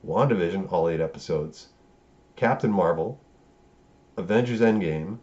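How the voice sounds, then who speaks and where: A man's voice: sits low, moderate pace, darkish tone, highs cut off. A man giving a rambling, profane, casual film review, acting out the characters' lines as he goes.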